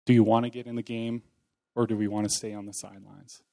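A man's voice: lowish voice, little pitch movement, quick pace, mellow. A man preaching an informal sermon in a church hall, talking in a conversational, folksy way with self-deprecating humor. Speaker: lay preacher.

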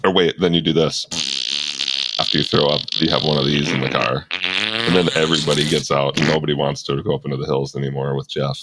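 Very deep-voiced man joking around. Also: a little fast, heavy background noise. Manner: animated, joking, pitch jumps when excited. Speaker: podcast host. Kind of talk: casual chat.

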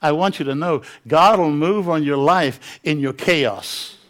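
A male pastor preaches a sermon with impassioned, dramatic storytelling. His voice sits fairly high for a man and swells as he drives his points home. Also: a little slow, a bit bright.

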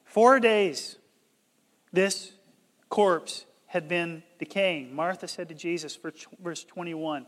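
A man preaching a sermon as pastor, emphatic and surging loud on key words, often stumbling and restarting his words. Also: sits high, unhurried, big-room sound.

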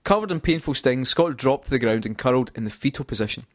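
A man's voice: medium pitch, animated, fast talker. Man reading a story, jokey and giggly. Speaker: podcast host and reader.

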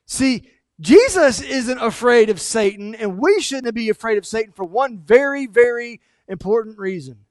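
A male pastor preaching a sermon in an animated, emphatic storytelling way. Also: extremely high pitch, moderate pace, no echo, clean studio sound.

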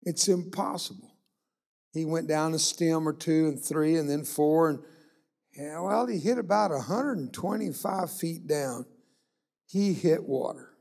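A man's voice: fairly high pitch, a little slow, gravelly, a little mellow. A man preaching a sermon, telling a humorous anecdote and acting out the dialogue. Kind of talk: sermon storytelling.

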